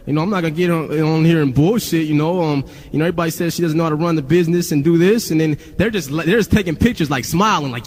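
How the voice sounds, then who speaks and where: A man's voice: fairly high pitch, fast. A male rapper telling a story in a casual, rambling, profane way, full of "you know". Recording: long reverb.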